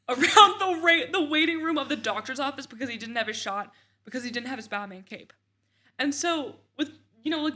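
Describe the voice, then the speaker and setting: A woman's voice: on the high side, pushed and bright. A young woman co-hosting a casual chat show, talking in a chatty, opinionated way with lots of filler words. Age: young adult. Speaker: co-host, daughter of the other host.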